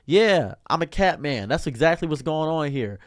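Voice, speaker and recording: Young guy streamer ranting, fed up and animated, voice jumping all over. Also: a little high, normal speed. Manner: exasperated, repetitive, animated ranting. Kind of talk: ranting commentary.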